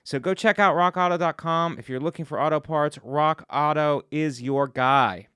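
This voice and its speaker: A man's voice: moderate pace, a bit bright, smooth, no echo, clean studio sound. A man hosting a podcast who delivers a sponsor read in joking, salesman-style patter. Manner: pitchy, jokey salesman patter. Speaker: podcast host.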